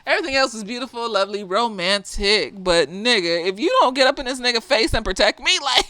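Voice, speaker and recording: A slightly tipsy woman, a therapist, giving a casual film review in an animated way, laughing often and swearing freely. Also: on the high side, quick pace, no room sound.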